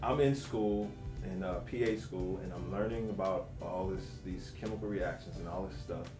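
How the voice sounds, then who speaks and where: A man who works in dermatology, talking casually on a panel and telling lively stories about patients. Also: normal speed. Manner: animated storyteller, acts out quotes with rising pitch. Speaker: physician assistant at a dermatology practice. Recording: roomy sound from a distant mic, faint music.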